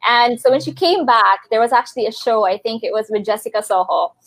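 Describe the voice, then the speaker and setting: A woman raised in the Philippines recalls something in a casual panel talk. Her voice sits a little high. She speaks thoughtfully, with fillers, in a dry recording with no room echo. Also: animated. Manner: thoughtful, unhurried storytelling with fillers.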